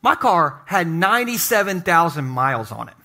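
Bright-voiced pastor telling funny stories. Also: male voice, a little high, moderate pace. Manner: humorous storytelling, animated asides. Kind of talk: sermon. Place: church sanctuary.

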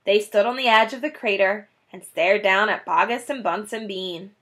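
A woman's voice: moderate pace, hardly any pauses. A woman teacher reading a children's book aloud, telling the story expressively and adding brief chatty asides for her listeners. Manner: expressive storytelling, jumps high for quoted characters.

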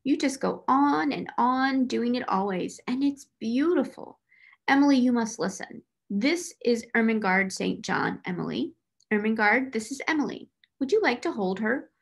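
A woman's voice: on the high side, expressive, moderate pace, creaky, husky, full character voice. A woman doing a dreamy storytelling girl. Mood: eager. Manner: earnest, gently explaining. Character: imaginative confident little girl, gentle storyteller.

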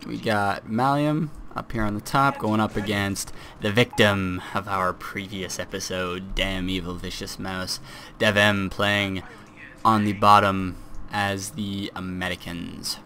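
Young guy talking over a game replay, lowish voice, chill and a bit rambly, faint hiss behind. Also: fairly even intonation, a little slow, pushed and bright. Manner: casual, self-deprecating, with frequent fillers and restarts. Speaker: strategy video commentator. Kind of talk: game commentary.

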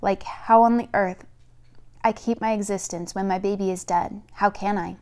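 A woman's voice: mid-range voice, fairly even intonation, moderate pace, a little mellow, lightly acted. This is a middle-aged mother who has lost her little girl, talking through grief with earnest, tearful resolve. She leans on staying busy to get by, voiced plainly by a woman reading a novel aloud. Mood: grieving.

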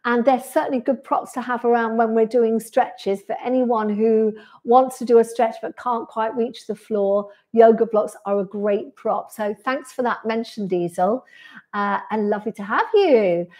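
A woman's voice: fairly high pitch, moderate pace, darkish tone. A woman, a pilates instructor chatting on a live stream and answering viewer comments one by one in a friendly way, from a sunny room indoors. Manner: friendly, reads out viewer comments and replies to each.

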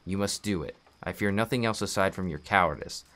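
A man reading aloud the lines of a sickly, dying male priest who is calm and resigned, in a slow, solemn delivery. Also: sits low, voice pushed down.

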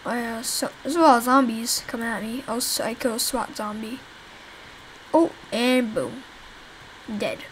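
A young woman, fairly high-pitched and a bit slow, plays her own zombie game and leaves long pauses as she talks to viewers. She rambles and swears at the enemies against background noise.

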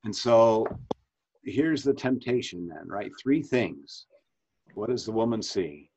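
A man in his fifties, a pastor, leads a Bible study discussion over a video call, speaking conversationally, asking questions and often restarting sentences. His voice is lowish, expressive, slow and slightly dark, with a little hiss or hum. The audio is dull, lo-fi video call sound.

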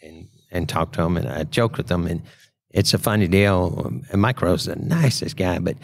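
A man's voice: sits low, moderate pace, creaky, no echo. A man, a podcast guest telling a casual story and acting out the quotes in a raised voice. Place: trade show.

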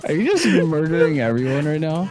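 Teasing game developer, deadpan banter. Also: male voice, fairly high pitch, a little fast, music in the background. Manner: deadpan joking, mock pleading. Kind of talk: playful gameplay banter.

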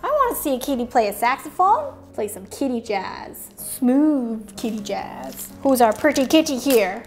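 A woman's voice: fairly high pitch, very animated, a little slow. A woman hosting a playful toy-unboxing video, sing-song and silly, sometimes dropping to a whisper.

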